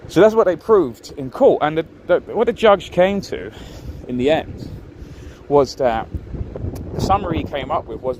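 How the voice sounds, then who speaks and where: A man's voice: fairly high pitch, animated, moderate pace, darkish tone. A man, rambling and ranting as he livestreams outdoors on a city street. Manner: ranting, rambling, repeats himself. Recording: wind noise and traffic outdoors.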